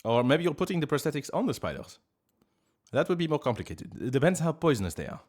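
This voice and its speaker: A man's voice: a little high, sing-song, fast, darkish tone. A man, chatting casually on a live stream, reading chat and making playful, mock-grand pronouncements.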